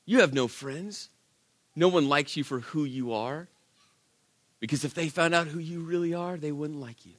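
Male pastor putting on a whispering devil: hushed, low, cruel taunts, dry close sound. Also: moderate pace, no room sound, close to an everyday voice. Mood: taunting.

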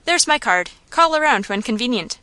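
A woman voicing a rough, insolent male saloon keeper who talks in a coarse, sly, slangy way. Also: a little high, lively intonation, normal speed, bright, forceful tone, no room sound.

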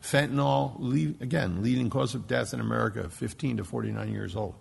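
A man from Philadelphia preaching a sermon as pastor, emphatic, dropping to a hush and rising to loud stresses. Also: medium pitch, brisk, vocal fry, husky. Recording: long hall reverb.

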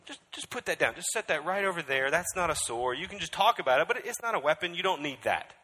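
A man voicing the enemy as a sly, mocking male devil in a sermon, switching to a high taunting shout. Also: expressive, fast, breathy edge, heavily acted. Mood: coaxing. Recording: echoey hall.

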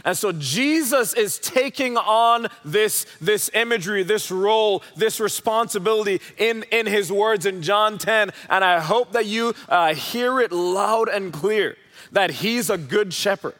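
A man's voice: high-pitched, measured pace, fairly bright tone. A man preaching a sermon in a church hall, earnest and emphatic, repeating key phrases. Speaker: pastor. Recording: long hall reverb.

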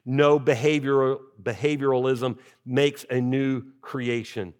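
A man, a pastor, preaching a sermon and reading scripture aloud, shifting from quiet, measured passages to rising, urgent emphasis. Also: mid-range voice, flat delivery.

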